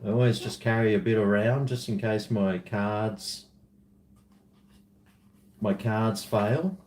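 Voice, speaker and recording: A man's voice: on the low side, fairly even intonation, slow pace, darkish tone, slight background noise. A man with an Australian accent chatting casually to camera, rambling and self-mocking as he drifts between asides. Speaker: vlogger.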